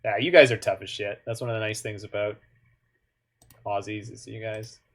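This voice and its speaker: A man's voice: on the low side, fairly even intonation, normal speed, a bit bright. A man from Canada, giving casual, joking commentary while he plays an online card game, with muttered asides in between.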